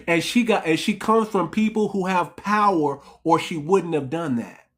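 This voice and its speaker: This is a channel host giving a passionate commentary monologue at normal speed, voice pitched in the middle range. The host restarts lines for emphasis, repeats things heatedly, and keeps throwing rhetorical questions at viewers, whom they call family.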